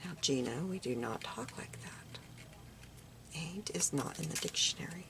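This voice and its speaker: A woman quoting her strict older grandmother, who scolds her about speaking properly in a prim, hushed tone. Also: sits low, animated, normal speed, creaky, in a whisper. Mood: scolding.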